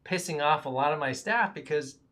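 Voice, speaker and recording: A man's voice: fairly high pitch, brisk, pushed and bright. A man, a doctor, hosts an interview, talking conversationally and agreeing often.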